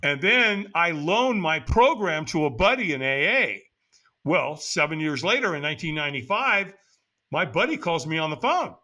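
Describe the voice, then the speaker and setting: Older american guy telling a story, bright voice, pitch jumps all over, acts out the voices. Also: normal speed. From United States. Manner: animated, acts out quoted dialogue in the story. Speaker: podcast guest. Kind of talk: storytelling in conversation.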